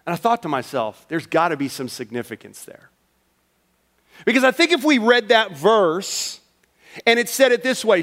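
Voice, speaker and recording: High-voiced man preaching a sermon. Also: big-room sound. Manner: swings from loud emphatic lines to hushed low delivery; acts out a listener's thoughts in quoted asides. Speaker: pastor.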